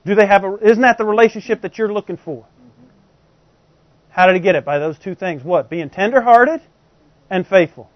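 A man's voice: high voice, moderate pace, no echo. A man preaching a sermon in a conversational way, constantly asking the congregation rhetorical questions. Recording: dull, dry lo-fi recording.

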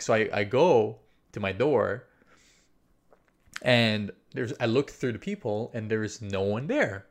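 A man's voice: on the low side, normal speed, long pauses. A young man casually telling a story, rambling with lots of fillers, swearing freely and acting out his own inner thoughts.

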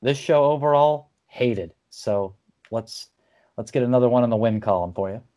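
A man's voice: mid-range voice, moderate pace, a little mellow. Easygoing man co-hosting a podcast. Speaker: podcast co-host. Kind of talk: casual chat.

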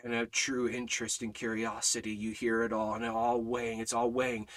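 Bright-voiced man preaching with swelling intensity. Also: level tone, brisk. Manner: swings from hushed, low passages to loud, high-pitched preaching. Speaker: Bible study teacher. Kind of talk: impassioned sermon.

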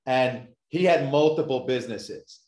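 A man tells his own story as a podcast guest, emphatic and given to repeating his points. His voice sits at a middle pitch. The room around him sounds echoey. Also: lively intonation, a little slow, a little mellow. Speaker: guest, addictions success coach.

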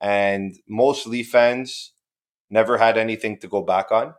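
A man's voice: on the low side, fairly even intonation, unhurried. Ranting male sports podcast co-host. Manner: emphatic, ranting, swears freely. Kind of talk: casual sports podcast chat.

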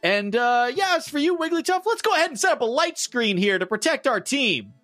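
A man's voice: very high-pitched, sing-song, fairly quick, sharp tone, dry recording, soft background music, voice pushed up, heavily acted. A man voicing an upbeat male gym leader who cheerfully coaches his creatures through a battle. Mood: cheery.

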